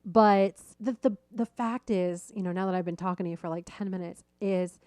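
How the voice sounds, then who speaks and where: A middle-aged woman hosting a podcast, telling a personal story in a lively, self-deprecating way and laughing at herself. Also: mid-range voice, normal speed, dry recording. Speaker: podcast host.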